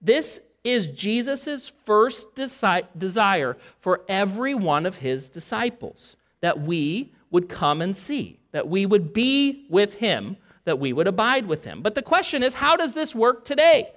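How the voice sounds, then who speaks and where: A preacher delivering a sermon in an easy, conversational way, stopping to ask the listeners questions. The scripture is read aloud with a voice that rises and falls freely. The pitch sits mostly in the middle. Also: big pitch swings, a little slow, few pauses, fairly bright tone. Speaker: pastor.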